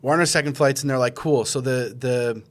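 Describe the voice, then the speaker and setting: A man's voice: mid-range voice, brisk. A man hosting a podcast, telling a long story in casual chat, rambling with lots of fillers and acting out his own quoted reactions. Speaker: podcast host.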